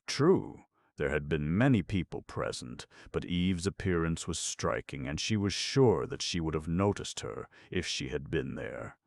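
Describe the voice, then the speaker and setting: A man narrating a comic novel as an audiobook in a measured storytelling manner. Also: rumbling low, lively intonation, vocal fry, no echo, clean studio sound. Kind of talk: scripted narration.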